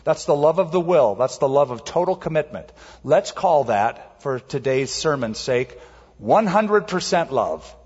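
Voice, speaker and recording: Animated preacher in a reverberant hall. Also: male voice, fairly high pitch, measured pace, husky. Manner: animated storytelling, acting out quotes in a raised voice. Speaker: pastor. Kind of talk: sermon. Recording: muffled sound in a large reverberant hall.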